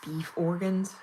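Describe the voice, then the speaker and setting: A woman's voice: on the low side, mellow, slight background noise, rough recording. A woman chatting casually and giggling while doing her nails on camera. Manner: chatty, giggly, self-mocking. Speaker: nail vlogger.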